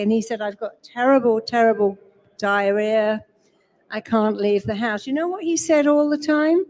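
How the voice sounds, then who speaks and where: A woman's voice: a little high, a little mellow. A woman giving a live seminar talk on a stage, emphatic, slipping into quoted voices to make her points. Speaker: speaker. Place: large event hall.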